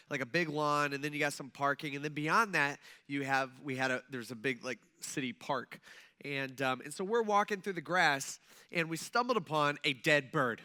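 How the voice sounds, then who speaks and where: A man's voice: a little high, bright, forceful tone, smooth. A man in his thirties preaching in a church, telling a story casually with lots of fillers and asides. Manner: chatty, full of fillers and asides. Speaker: pastor. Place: church sanctuary.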